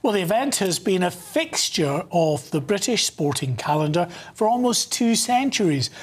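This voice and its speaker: A co-presenter reading news in a measured way. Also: medium pitch, very animated, husky.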